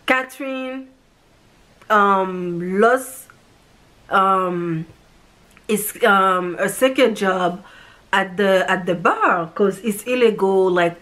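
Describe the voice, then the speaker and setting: A woman from Haiti talks casually about a film that moved her. Her voice sits at an ordinary middle pitch. She rambles and gets emotional as she acts out the characters' lines. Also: a bit bright. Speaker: movie reviewer.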